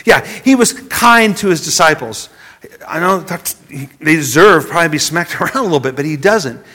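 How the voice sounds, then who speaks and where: A man preaching a sermon, dropping from loud emphasis to a hushed near-whisper and often repeating words as he goes. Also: fairly high pitch, animated, moderate pace. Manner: repeats words as he searches for phrasing.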